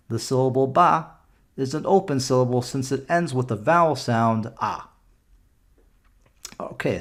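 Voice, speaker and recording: Patient Canadian man explaining step by step. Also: mid-range voice. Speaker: bar mitzvah tutor. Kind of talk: screen-recorded lesson. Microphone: computer mic for a screen recording.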